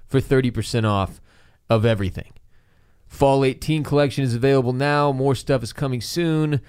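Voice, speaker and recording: A man's voice: mid-range voice, normal speed, a little mellow, clean tone, dry recording. A man hosting a podcast from a studio, chatting casually and reading ads in a loose, joking, profane way. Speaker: podcast host. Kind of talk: casual podcast chat and ad read.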